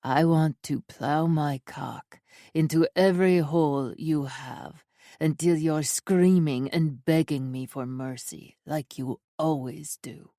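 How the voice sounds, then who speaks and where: A woman narrator voicing a lecherous, brutal male thug with a low, sneering, menacing delivery. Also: slow pace, mellow, no echo, studio quality. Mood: leering.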